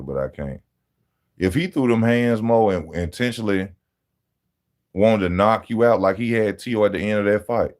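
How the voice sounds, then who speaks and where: A man talking casually on a live stream, animated and slangy, laughing often as he answers chat about boxing. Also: low-pitched. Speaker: boxing channel host reading live chat.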